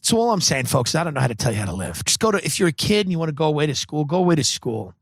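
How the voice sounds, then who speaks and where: Sardonic New comedian, dry studio. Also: male voice, a little high, rapid-fire, vocal fry, slightly rough, no echo. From Long Island, US. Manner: rambling, sardonic, deadpan absurd. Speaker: comedian podcast host. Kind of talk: comedic podcast monologue.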